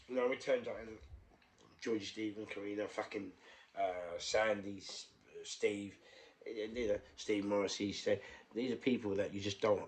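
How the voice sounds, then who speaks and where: A middle-aged man with a London accent, telling his own story casually, repeating phrases and swinging between hushed and loud. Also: lowish voice. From England.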